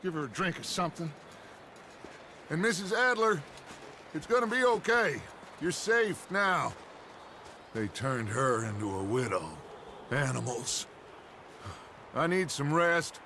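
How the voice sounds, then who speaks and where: An actor playing a commanding middle-aged outlaw gang leader who speaks smoothly and persuasively in a video game. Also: male voice, a little high, sing-song, a little slow, pauses often, bright, forceful tone, slight background noise, heavily acted. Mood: reassuring.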